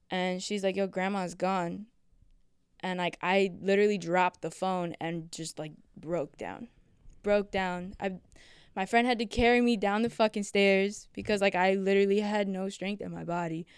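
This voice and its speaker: Young woman telling a story with a very clear voice. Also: mid-range voice, fairly even intonation, no echo, clean studio sound. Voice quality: emotional, profane, quick storytelling. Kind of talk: casual storytelling chat.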